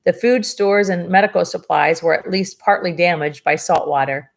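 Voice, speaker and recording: A woman reads a novel aloud in a lower-set voice and stops now and then for casual, chatty asides. Her remarks are dry and sarcastic. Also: moderate pace, gravelly. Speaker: reader of a novel. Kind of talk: reading a book aloud with commentary.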